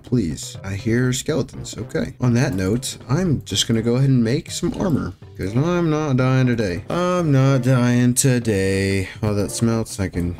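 Excitable young man gaming. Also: mid-range voice. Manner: jokey, excitable, yelps at scares. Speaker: gaming YouTuber. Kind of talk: Minecraft commentary. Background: faint music.

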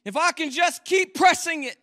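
A man preaches from a church pulpit in a very high, ringing voice. His delivery is fervent and rises into shouts. He also slips into quick, quiet joking asides. The tone stays bright and cutting throughout. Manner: impassioned preaching that swells into shouts. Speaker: guest preacher. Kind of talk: sermon.

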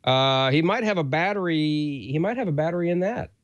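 Lively, joking male co-host. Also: a little high, a little fast, no room sound. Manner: jokey, animated, self-mocking. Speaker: co-host reading an ad. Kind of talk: casual, joking ad read.

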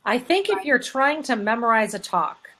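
A woman with a slightly high voice hosts a panel discussion. She speaks in an encouraging, reflective way, drawing her guests into the talk. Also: big pitch swings, moderate pace, sharp tone. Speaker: host.

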